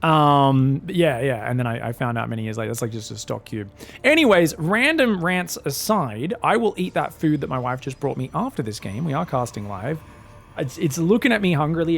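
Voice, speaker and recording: A man's voice: mid-range voice, vocal fry. An Australian man casting an esports match live, rambling through joking asides between play-by-play commentary. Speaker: esports caster.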